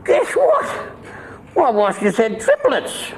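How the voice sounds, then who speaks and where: A man putting on a squeaky boastful country cousin. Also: wildly swooping pitch, slow pace, a little mellow, exaggerated voice, low-quality recording. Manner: high squeaky put-on voice, boastful.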